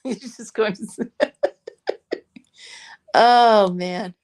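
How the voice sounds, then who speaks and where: A woman's voice: mid-range voice, fairly even intonation, very slow, darkish tone. A woman hosting a casual crochet club chat, playful and rambling, laughing often. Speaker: host of a crochet club stream.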